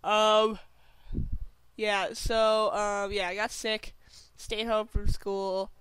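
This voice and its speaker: A smooth, clear voice recorded dry and close, belonging to a young podcast co-host. The co-host is sick with a runny nose and a cough and talks haltingly, filling the gaps with "um". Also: medium pitch, level tone, fairly bright tone, no echo. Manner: halting, with many "um"s. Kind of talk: casual chat.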